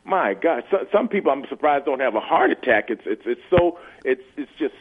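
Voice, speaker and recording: A man's voice: a little high, sing-song, a little fast, background noise. A man in his sixties, a former football player, speaking earnestly as a guest in a phone interview and often repeating words as he searches for them. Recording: tinny phone line.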